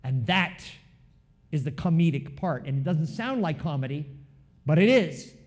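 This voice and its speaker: A man preaching a sermon in a church, talking with the congregation, asking them questions and moving between loud emphasis and hushed asides. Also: on the high side, animated, normal speed. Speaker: pastor.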